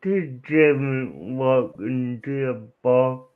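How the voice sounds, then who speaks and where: Slow hesitant guy telling a joke, sounds like a phone line. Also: mid-range voice, animated. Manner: hesitant, halting. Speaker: caller.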